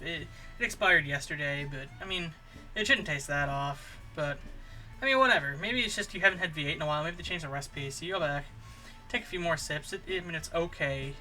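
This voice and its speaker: A man's voice: on the high side, sharp tone. A man telling a rambling, improvised absurd story, stumbling through fillers and restarts. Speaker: comedy channel host.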